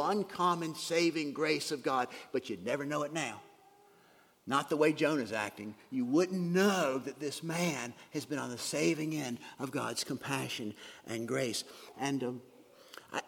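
A man preaching a sermon with a fairly high, gravelly voice and a husky edge. He talks earnestly, swinging from soft to loud and often restarting phrases. The sound carries a long reverb from a church hall. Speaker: pastor.

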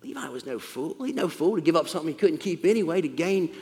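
A man's voice: a little high, expressive, quick pace, a little mellow, a little hiss or hum. A man preaching a sermon as pastor, in a conversational way that explains and repeats his points. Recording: long reverb in a hall.

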